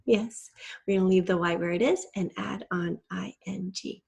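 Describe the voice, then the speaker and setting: A woman's voice: medium pitch, steady tone, normal speed, gravelly, a little mellow, husky. A woman teacher giving a patient, step-by-step spelling lesson and spelling out letters from a shared document.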